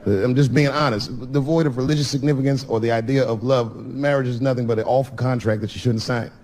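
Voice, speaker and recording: Stand-up comedian telling a story on stage. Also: male voice, mid-range voice, steady tone, fast talker. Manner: storytelling, switching between loud punchlines and mumbled asides. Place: theater stage before a laughing audience. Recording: live show with audible room noise.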